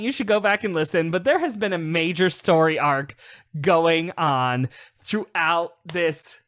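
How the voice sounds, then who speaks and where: A man co-hosting a casual podcast, who talks excitedly, swears freely and climbs to near-shouting when thrilled. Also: on the high side, a little slow. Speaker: podcast co-host. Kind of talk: casual chat.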